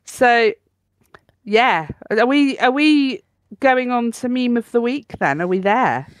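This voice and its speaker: A woman's voice: on the high side, expressive, slow, no echo, studio quality. A woman co-hosting a podcast in a casual, playful chat, keen to tell jokes. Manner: chatty and playful, tells jokes. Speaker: podcast co-host.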